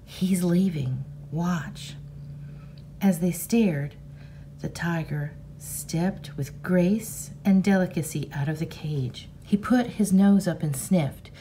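A teacher reading a novel aloud to her class in a measured, expressive storybook manner. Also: lowish voice, a little hiss or hum.

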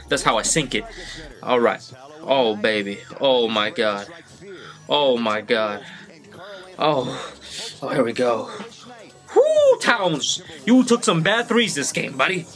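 A man hosting a reaction video, talking live over sports highlights, excitable and slangy, yelling at the players on screen. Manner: slangy street talk. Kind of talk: live reaction commentary while watching highlights.

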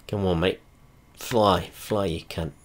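Deep-voiced sweary man. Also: fairly even intonation, takes it slowly. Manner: rambling, heavy swearing, blunt and chatty; trails off and restarts often. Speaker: video creator. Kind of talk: casual rambling commentary while playing a flight simulator.

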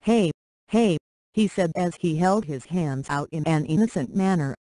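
Synthetic storyteller, steady mid-range delivery, dry close recording. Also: medium pitch, moderate pace, dry recording, rough recording. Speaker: narrator. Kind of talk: reading a short story aloud.

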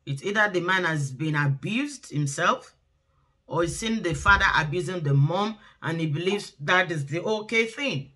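A woman's voice: lowish voice, expressive, moderate pace, pushed and bright. A middle-aged woman, hosting a relationship talk and giving earnest, preachy advice. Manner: earnest, exhorting, acts out quoted voices.

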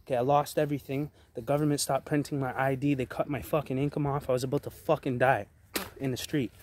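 A man in his twenties rants straight to the camera from a forest, his pitch sitting at an ordinary middle level. He swears constantly and fires off short, hard declarations in a confrontational, aggressive way. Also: steady tone, darkish tone, slight background noise. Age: 20s. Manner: aggressive, heavy swearing, rapid-fire declarations. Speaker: vlogger. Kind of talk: angry profane rant to camera. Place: outdoors in a forest.

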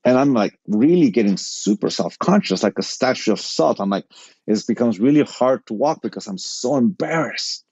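A middle-aged man tells a personal story with a mellow, dark-toned voice and acts out each line of dialogue. The sound is close and dry, a little dull and lo-fi. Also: medium pitch, normal speed, husky, no room sound. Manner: animated anecdote-telling, quotes people in dialogue. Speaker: podcast guest.

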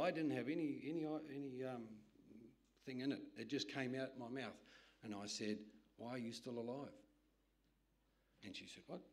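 A man, a literature evangelist, telling a lively anecdote in a sermon with asides to his listeners. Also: medium pitch. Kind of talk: storytelling sermon.

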